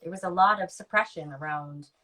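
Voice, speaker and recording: A woman's voice: fairly low pitch, brisk, sharp tone, low-quality recording. A woman in her forties, a podcast guest, telling a candid personal story in a reflective way, acting out remembered dialogue with plenty of ums.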